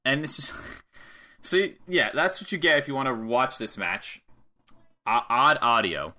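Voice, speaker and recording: A man's voice: medium pitch, very animated, unhurried, bright, forceful tone. A young man co-hosting a casual wrestling podcast, recapping a match with laughs and acted-out lines from the wrestlers. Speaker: podcast co-host.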